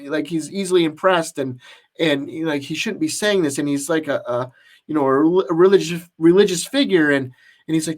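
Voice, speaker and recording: A man's voice: on the high side, moderate pace. A man co-hosting a podcast, telling a long story in casual chat with lots of restarts and fillers. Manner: rambling, many restarts and fillers. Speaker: podcast co-host.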